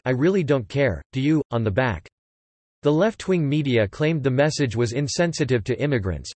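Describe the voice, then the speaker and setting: A man narrates a written news piece in a steady, even read. His voice sits at an ordinary middle pitch for a man. The sound is dry and close, with no room around it. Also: no room sound.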